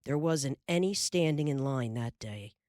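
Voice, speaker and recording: A woman's voice: rumbling low, animated, a little slow, a little mellow, no echo, studio quality. A woman voicing a hearty middle-aged frontier father telling a tale in a folksy drawl. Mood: lively.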